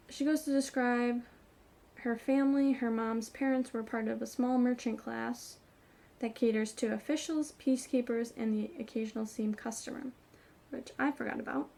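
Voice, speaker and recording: A woman's voice: a little high, creaky, darkish tone. A woman hosting her own book channel, chatting casually through a chapter recap and hedging often with "kind of" and "like".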